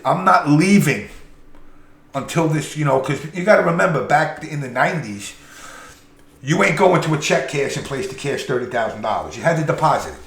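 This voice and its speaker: Podcast host, middle-aged man with a gravelly voice, animated and profane storyteller, roomy recording. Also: mid-range voice. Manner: profane, animated anecdote-telling with quoted dialogue. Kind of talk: casual storytelling. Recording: echoey room with faint noise.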